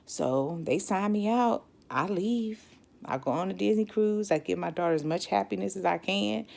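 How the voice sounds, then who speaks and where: A woman's voice: mid-range voice, moderate pace, creaky. A woman, casually telling her own story and acting out what people said. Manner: lively, acts out quotes with animated voices.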